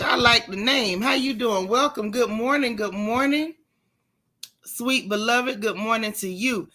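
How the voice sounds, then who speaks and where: Chatty woman hosting a live stream. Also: fairly high pitch. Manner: chatty, warm Southern slang, calls viewers sis and boo. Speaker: gossip livestream host. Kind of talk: casual live chat greeting viewers. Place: home.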